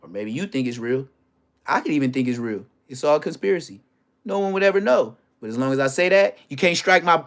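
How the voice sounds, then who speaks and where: A man hosting a livestream, telling stories in a brash, profane way, dropping to hushed asides and then bursting out loudly. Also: on the high side, expressive, brisk. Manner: brash, profane, swings between hushed asides and loud outbursts; storytelling with boasts and street slang. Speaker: livestream host. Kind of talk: casual profane livestream rant.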